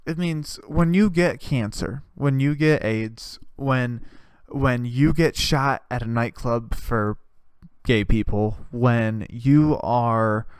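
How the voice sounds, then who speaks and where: A man's voice: medium pitch, clean tone, dry recording. A young man hosting a comedy podcast, delivering a sarcastic, profane rant with mock-preaching bursts. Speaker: podcast host.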